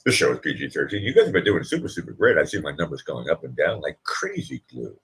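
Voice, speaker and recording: A man's voice: a bass voice, wildly swooping pitch, fast, a bit bright. A man hosting a casual livestream chat, rambling and joking and laughing often as he talks. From United States. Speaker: livestream host.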